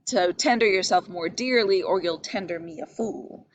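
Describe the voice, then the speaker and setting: A woman reading the lines of a stern older father who lectures his daughter, in a brisk, dismissive way. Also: on the low side, slight background noise, lightly acted.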